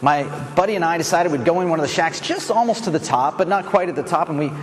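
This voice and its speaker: A man's voice: a little high, quick pace, big-room sound. A man giving a motivational speech to an audience, telling a story and acting out the voices of the people in it. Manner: animated, acts out voices and builds to shouting. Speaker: motivational speaker.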